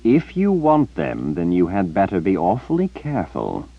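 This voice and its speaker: A man's voice: deep voice, wildly swooping pitch, moderate pace, gravelly, no room sound, full character voice. An arrogant, theatrical sorcerer, as a male narrator puts him on in a raised, drawling voice that swings between lofty and sneering. The recording is dry and somewhat muffled. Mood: haughty. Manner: drawling, haughty, dismissive.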